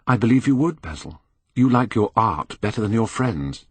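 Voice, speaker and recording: A man's voice: fairly low pitch, lively intonation, normal speed, husky, no echo. A man voicing an anguished, vain young Englishman. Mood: bitter. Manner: pleading, rising to anguished outbursts.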